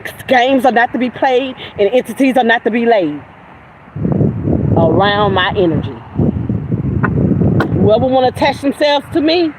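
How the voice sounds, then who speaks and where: Heavy background noise surrounds a middle-aged woman's casual livestream monologue, in which she bluntly and emphatically preaches about energy, God and people she won't deal with, throwing in curses and spiritual talk. Her voice is on the high side and expressive, at normal speed with frequent pauses.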